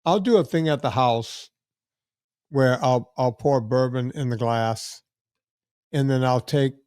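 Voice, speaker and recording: A man's voice: medium pitch, unhurried, darkish tone, clean tone, no room sound. Blunt storytelling man, dry close sound. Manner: blunt, storytelling, repeats words when starting. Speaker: podcast host. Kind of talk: casual chat.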